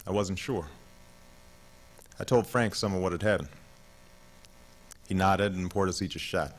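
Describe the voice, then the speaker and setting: A man in his thirties reads his own memoir aloud in a measured, reflective audiobook narration. His voice sits low and steady, unhurried and thoughtful. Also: poor audio. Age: 30s.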